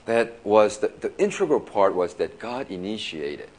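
A male pastor preaching in a casual, storytelling way, laughing often and filling his talk with "you know" and quick restarts. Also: on the low side, very animated, darkish tone. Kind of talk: sermon storytelling.

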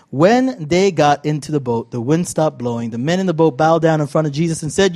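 A male pastor from California preaching a conversational sermon to a congregation, playful and animated, with frequent asides and questions to the audience. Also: on the high side, moderate pace.

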